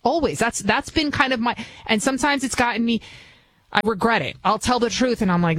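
A woman's voice: a little high, fairly quick, fairly bright tone, no echo, rough recording. A woman with a Bronx New York accent hosting a talk radio show, chatty and emphatic, often restarting her sentences. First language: not English. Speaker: guest radio host.

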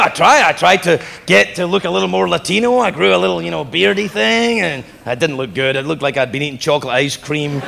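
A man doing stand-up storytelling in front of a live audience, profane and animated, acting out the other people in his stories. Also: fairly high pitch, gravelly. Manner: profane, animated, acts out voices. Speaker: stand-up comedian. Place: live comedy venue with audience. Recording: echoey live room with crowd and noise.

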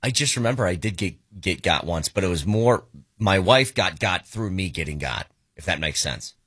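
A male co-host tells chatty anecdotes on talk radio, with quick asides in which he quotes what people said. His voice is bright and his pitch is lively. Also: husky. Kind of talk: casual talk radio banter.

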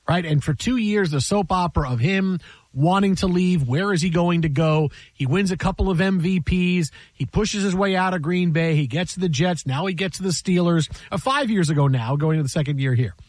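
High-voiced, animated man on sports radio. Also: a little fast, dry recording. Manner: animated storyteller, laughs, repeats himself. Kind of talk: casual sports radio chat.

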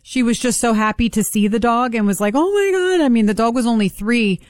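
A woman tells a casual story at a brisk clip, her voice leaping up whenever she acts out what someone said. The sound is dry and close to the mic. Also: dry recording. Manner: fast, excited, acts out quotes with big pitch jumps. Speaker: guest storyteller. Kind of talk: casual anecdote telling.

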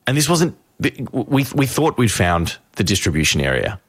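A man's voice: lowish voice, moderate pace, slightly rough, no echo, studio quality. A man, a radio host telling a story in casual chat and acting out voices. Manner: animated storyteller, acts out voices.

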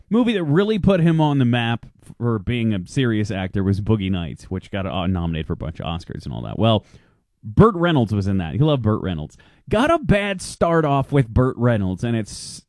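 A man hosting a radio show, casually telling a story in a chatty, animated way. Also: mid-range voice, no echo, clean studio sound. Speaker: radio host.

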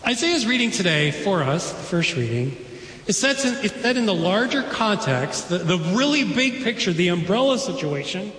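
A man's voice: high voice, very animated, moderate pace, fairly bright tone, slight background noise. A man preaching a sermon as pastor, in a casual, enthusiastic way with chatty asides. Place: church sanctuary. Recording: echoey church hall.

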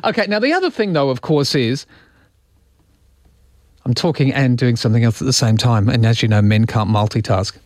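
A man's voice: medium pitch, animated, moderate pace, long pauses, a little mellow, no room sound, clean studio sound. A man hosting a radio show, chatting casually and poking fun at himself. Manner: self-mocking, joking. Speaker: radio host. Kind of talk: casual on-air chat. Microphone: studio microphone.

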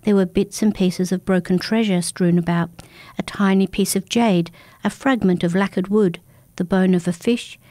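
Calm, mellow woman storyteller. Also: medium pitch, moderate pace, no echo. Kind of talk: first-person story narration.

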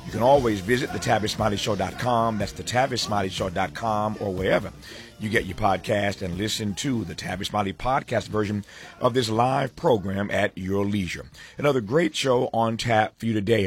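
A middle-aged man hosting a live talk program, speaking in a measured, conversational way with frequent fillers. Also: on the low side, husky. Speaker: radio talk show host.

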